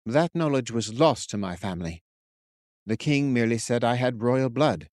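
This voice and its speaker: A man's voice: medium pitch, moderate pace, darkish tone, no echo, clean studio sound, lightly acted. A man voicing a humble, unsure young male leader who speaks plainly and earnestly. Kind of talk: audiobook character voice.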